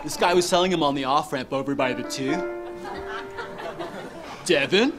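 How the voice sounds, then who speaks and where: A man's voice: fairly high pitch, normal speed, music in the background, a crowd in the background, natural voice. A man doing a slack-jawed Californian sketch guy. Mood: chatty. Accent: exaggerated Californian. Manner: slack-jawed drawl, fixated on driving routes. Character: dim, drawling male Californian sketch husband. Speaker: sketch comedy character.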